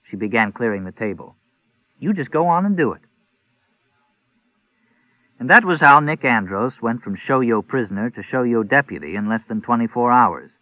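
A man narrating a novel in a measured, steady read. His voice is fairly low. The audio is thin and narrow with no room sound. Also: no room sound. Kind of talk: scripted narration. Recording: tinny narrow-band audio, dry.

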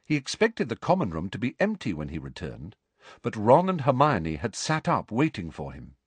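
A man narrating an audiobook in an expressive storytelling manner. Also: on the low side, moderate pace, husky, no echo. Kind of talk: scripted narration.

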